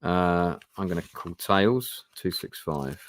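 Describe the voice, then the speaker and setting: A man's voice: low-pitched, lively intonation, slow pace. A man reading through a fantasy gamebook and chatting casually as he plays. He hesitates often and swears now and then. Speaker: gamebook player and streamer. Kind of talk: casual play-through narration.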